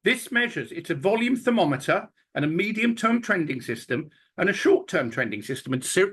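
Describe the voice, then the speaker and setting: A middle-aged man hosting a live trading webinar, talking through charts with storytelling asides. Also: on the high side. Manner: animated, talks through charts while switching screens, with storytelling asides.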